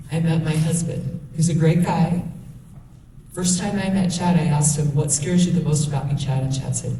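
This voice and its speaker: A woman in her thirties speaks earnestly to a room of listeners, telling her own story with frank, quoted exchanges. Her voice is dark and mellow. It is picked up from a distance in an echoey school hall with faint background noise. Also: low voice. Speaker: guest speaker. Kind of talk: personal testimony talk.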